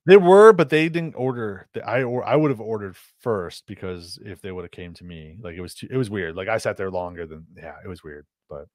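A young man co-hosting a podcast, telling a rambling story in an animated, exasperated way. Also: on the low side, a little fast, few pauses, no echo, clean studio sound. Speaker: podcast co-host. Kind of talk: casual storytelling chat.

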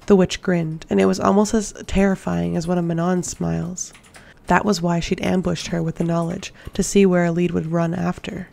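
A woman reading a fantasy novel aloud, keeping her delivery steady and level. Her voice is dark and mellow, with a gravelly texture. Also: lowish voice, normal speed. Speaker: audiobook reader. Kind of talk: audiobook narration.

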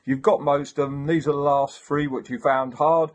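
A man voicing a fussy, exasperated male schoolteacher in a comedy sketch, bossy, with slow deliberate speech and sudden shouts. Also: a little high, fairly even intonation, pitched above the performer's own voice, close to an everyday voice.

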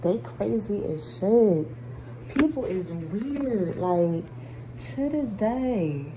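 A woman's voice: medium pitch, expressive, drawn-out words, noisy background. A young woman vlogging from home, ranting profanely and acting out quoted dialogue as she retells a run-in at her door. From Philadelphia. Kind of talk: angry storytime rant. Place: at home indoors.

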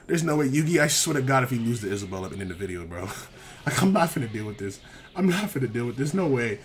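A young man giving casual gameplay commentary, animated and exasperated, full of slang and repeated phrases. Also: medium pitch, fast, slight background noise. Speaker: gaming commentator.

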